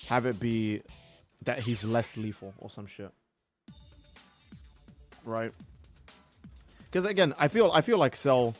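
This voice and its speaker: A man streaming a video game who rambles casually and swears freely in his commentary. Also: medium pitch. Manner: rambling and profane, acting out characters' lines. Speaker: gaming streamer.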